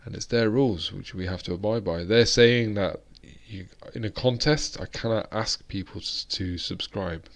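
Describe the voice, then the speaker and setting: Rambling British man, low voice. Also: moderate pace, hardly any pauses. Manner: rambling, chatty, full of fillers and restarts. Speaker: host. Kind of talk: live-stream chat.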